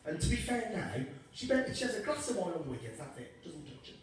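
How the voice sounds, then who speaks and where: On a comedy club stage in front of an audience, a young man does a cheeky, sweary stand-up set and banters with the crowd. His voice sits high with big pitch swings and a brisk delivery over soft background music, picked up from a distance in the echoey club.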